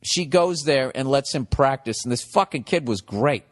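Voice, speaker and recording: Profane rambling comedian, reverby. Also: male voice, medium pitch, animated, moderate pace. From United States. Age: 40s. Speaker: podcast host. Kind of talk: comedic podcast monologue.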